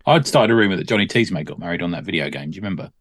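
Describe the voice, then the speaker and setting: A man with a mid-pitched, lively voice, co-hosting a comics podcast. He tells stories full of wisecracks and teasing. The recording is close and dry. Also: no room sound. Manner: joking storyteller, quick wisecracks. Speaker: podcast co-host. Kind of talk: casual comedic chat.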